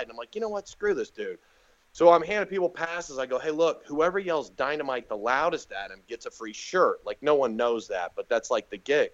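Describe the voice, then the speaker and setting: This man's voice sits a little high, and the recording sounds muffled. He's a comedian on a podcast, spinning casual stories with lots of energy and doing impressions of anyone he quotes.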